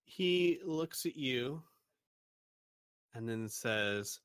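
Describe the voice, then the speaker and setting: A man's voice: fairly low pitch, animated, slow, fairly bright tone, no room sound. Man, game master, narrating a tabletop game, stumbles and restarts. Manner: stumbles and restarts while describing.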